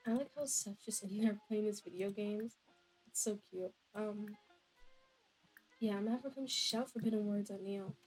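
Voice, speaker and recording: Chatty woman with a husky, mellow voice. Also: medium pitch, steady tone, normal speed, faint music behind. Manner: chatty, speculative, talks to the game characters. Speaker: gameplay narrator. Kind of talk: casual gameplay commentary.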